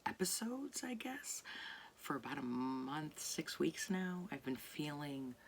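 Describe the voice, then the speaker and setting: A woman talking casually to camera late at night in a soft voice that often drops to a near whisper, rambling and searching for words. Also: deep voice, lively intonation, slow pace, a little hiss or hum. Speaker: artist vlogger. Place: home at night.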